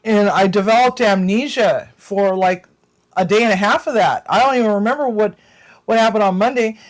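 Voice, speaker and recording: Rambling storyteller host, mid-pitched voice. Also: moderate pace. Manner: rambling, frequent restarts, mild cursing. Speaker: cooking channel host. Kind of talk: casual storytelling to viewers.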